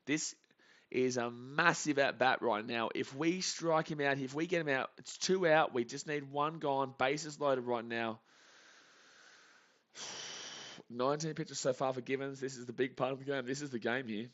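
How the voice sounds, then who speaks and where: Male stream host, tense bright tone, nervy repeated pleading, tired, dull lo-fi sound. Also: medium pitch, normal speed, long pauses. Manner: anxious, pleading, repeats phrases over and over. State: tired, up early without coffee. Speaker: live-stream sports reaction host. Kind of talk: live play-by-play reaction stream.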